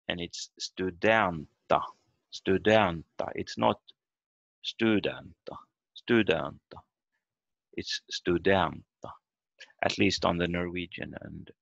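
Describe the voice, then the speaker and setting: A man teaching a language lesson over a video call, explaining slowly and haltingly and repeating example words aloud. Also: low voice, creaky, fairly bright tone, no echo. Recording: dull lo-fi video call audio.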